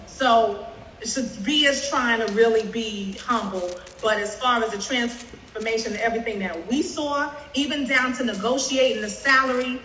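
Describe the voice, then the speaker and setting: A woman's voice: on the high side, moderate pace, pushed and bright, roomy sound, big-room sound, slight background noise, rough recording. Emphatic woman giving a heartfelt tribute. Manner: emphatic and preacherly, with faith language. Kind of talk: heartfelt spoken tribute on a group video call.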